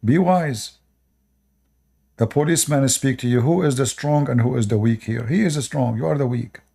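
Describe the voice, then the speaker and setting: A man's voice: medium pitch, normal speed, creaky, dark tone, husky. A man with an Arabic accent, native Arabic speaker, hosting a live stream and lecturing his viewers in short repeated commands with broken grammar. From Middle East. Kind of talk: casual live stream monologue.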